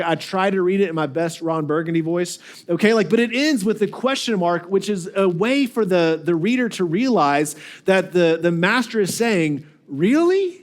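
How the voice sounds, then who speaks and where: A high-pitched man delivers a sermon from the pulpit in a church. He talks in a casual, conversational way and now and then acts out the voices of the people in the story. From United States. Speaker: pastor. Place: church sanctuary.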